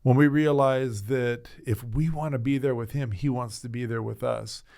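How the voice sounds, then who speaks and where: A middle-aged man, a hospital chaplaincy director, telling a story in an earnest, animated conversational way. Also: medium pitch, moderate pace, vocal fry. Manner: earnest, animated storyteller who voices others.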